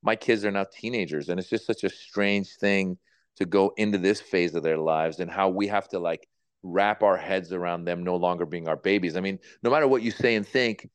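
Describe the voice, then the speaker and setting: A comedian in his fifties telling stories in an interview, animated and acting out people's voices. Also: low voice, normal speed, clean tone, no room sound. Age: 50s. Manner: animated, acts out voices in anecdotes. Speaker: comedian guest. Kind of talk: relaxed interview storytelling.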